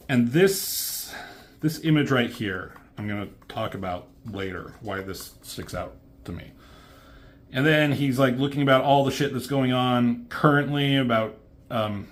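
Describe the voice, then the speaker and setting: Casting: a man of middling pitch, casual comics reviewer, rambling and profane. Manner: rambling, swears, many fillers.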